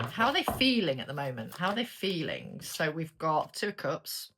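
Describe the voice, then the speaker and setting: British woman, tarot reader, bright forceful tone, blunt and sweary, faint hiss behind. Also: low-pitched, wildly swooping pitch, unhurried, pauses often. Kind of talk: casual tarot reading to camera.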